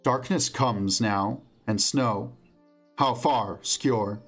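A man voicing a weary young male wizard who asks quiet, tense questions in an audiobook. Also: mid-range voice, extremely slow, soft background music, full character voice. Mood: uneasy.

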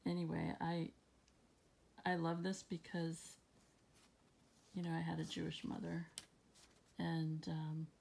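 Low husky woman reading the bible at home, gravelly, lots of ums and little laughs. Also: completely flat delivery. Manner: reads scripture slowly, then muses with fillers and soft laughs. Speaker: Bible reading channel host. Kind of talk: casual Bible reading and reflection.

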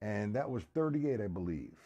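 A man teaching a live-streamed drum lesson, chatting with viewers by name in a halting, casual way. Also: lowish voice, animated, dark tone, dull audio. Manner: halting, restarts and fillers. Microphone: computer or camera mic on a live stream.

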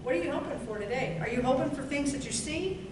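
A woman preacher with a high voice leans into scripture with fervent, drawn-out emphasis. She is recorded from a distance in a strongly echoing church hall. Noise sits clearly under her voice. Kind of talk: sermon. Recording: echoey room from far off, noisy.

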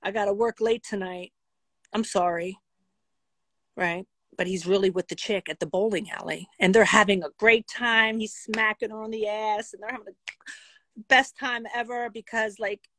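A woman telling a casual storytime vlog in a blunt, profane and animated way. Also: mid-range voice, moderate pace, no echo. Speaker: vlogger.

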